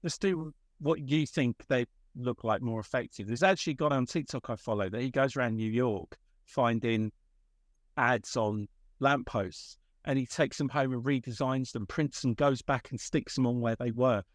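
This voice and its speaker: Guy hosting a podcast, mid pitch, rambly and animated, dry close mic. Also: moderate pace, no room sound. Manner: rambling, animated storytelling with acted-out quotes. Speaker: podcast host. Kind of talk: casual chat.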